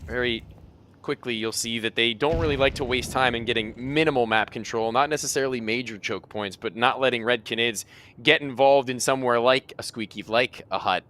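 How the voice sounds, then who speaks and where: A man's voice: medium pitch, a little fast, sharp tone, poor audio. A man giving color commentary as an esports caster, laid-back and joking between analysis.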